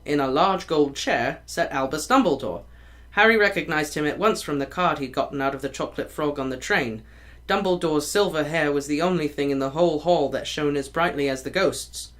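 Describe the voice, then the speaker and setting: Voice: medium pitch, moderate pace, a bit bright. Casual chapter reader who stumbles and self-corrects. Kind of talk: reading a novel chapter aloud.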